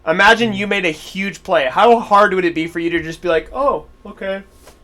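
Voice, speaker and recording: High-voiced man ranting about football. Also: fairly quick, sharp tone. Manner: blunt and worked up, heavy swearing, lots of "like". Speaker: podcast co-host. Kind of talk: casual sports podcast chat.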